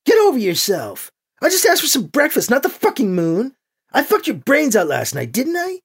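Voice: mid-range voice, wildly swooping pitch, voice pushed up. A narrator voicing a volatile young woman who swings from fiery outbursts to playful teasing and swears freely. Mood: angry. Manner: quick-tempered, swears, teasing.

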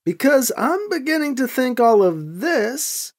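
A reader voicing Emily, a skeptical, sharp-tongued woman who speaks with scorn. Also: high voice, sing-song, unhurried, voice pushed up, heavily acted. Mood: angry.

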